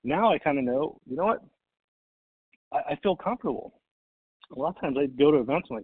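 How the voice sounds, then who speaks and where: A man's voice: fairly high pitch, animated, fairly quick, long pauses, breathy edge, no echo. A middle-aged man telling a motivational business story, acting out both sides of the phone calls. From Texas. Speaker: network marketing speaker. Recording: tinny phone-like audio.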